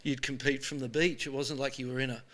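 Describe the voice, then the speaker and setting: An Australian man in his sixties, an animated storyteller chatting casually as he is interviewed. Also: mid-range voice, quick pace. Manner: animated storyteller, says "mate" often. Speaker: show host being interviewed. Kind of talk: casual chat.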